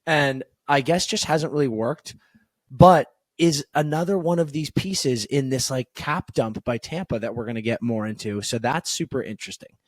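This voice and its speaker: A young man co-hosting a podcast, talking hockey trades in quick, relaxed casual chat. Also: mid-range voice, no room sound. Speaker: podcast co-host.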